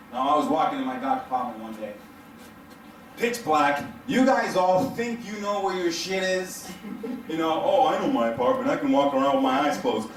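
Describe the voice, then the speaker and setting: A man doing stand-up comedy to a live crowd, telling a story in an animated, profane way and laughing through his lines. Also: a little high, a little hiss or hum. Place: hotel event room stage. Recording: echoey room, mic heard from a distance.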